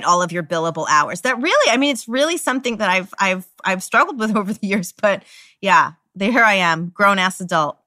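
A woman in her forties co-hosting a podcast, telling stories in a lively way and acting out what people said. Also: mid-range voice, no room sound, clean studio sound. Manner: animated storyteller, acts out quotes. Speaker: podcast co-host. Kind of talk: casual conversational chat.

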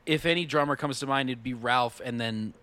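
A man's voice: medium pitch, fairly quick, pushed and bright. A man co-hosting a podcast, talking casually about music, rambling with restarts and frequent swearing. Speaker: podcast co-host.

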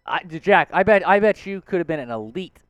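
A man hosts a live sports stream in a strikingly high, bright voice. He talks at an unhurried pace that swings widely in pitch and bursts into excited shout-outs. The sound is dry and close, with faint music underneath. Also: clear, resonant tone, dry recording. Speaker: host.

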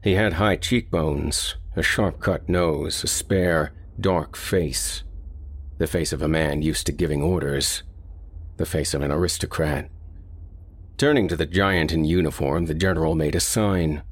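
A man narrates a short story in a steady, deliberate manner. His voice is very deep and noticeably husky. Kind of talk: audiobook reading of a short story.

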